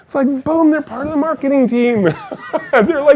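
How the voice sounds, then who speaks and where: A man's voice: extremely high pitch, normal speed, highs cut off, slight background noise. A middle-aged man, a company CEO, giving a storytelling keynote talk and acting out the people in his anecdotes. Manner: energetic, animated storyteller who acts out quotes.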